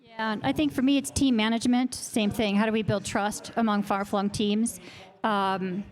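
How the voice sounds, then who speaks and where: A woman's voice: medium pitch, steady tone, moderate pace. A woman speaking as a conference panelist, giving frank and direct opinions. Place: conference hall.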